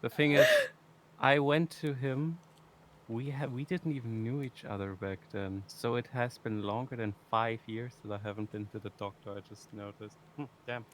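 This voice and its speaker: A man's voice: medium pitch, moderate pace, a bit bright, a little hiss or hum. A young man streaming, chatting casually and rambling through a story with frequent laughter. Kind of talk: casual chat.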